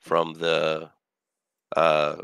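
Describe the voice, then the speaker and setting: A man's voice: extremely low pitch, monotone, extremely slow, vocal fry, fairly bright tone, clean tone, no echo. A man narrating a tabletop game as game master, describing scenes with many restarts.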